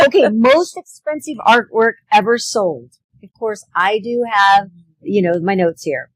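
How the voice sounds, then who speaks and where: A woman's voice: mid-range voice, measured pace, dry recording, rough recording. A woman co-hosting a live local show at an outdoor street fair, chatting casually and laughing often.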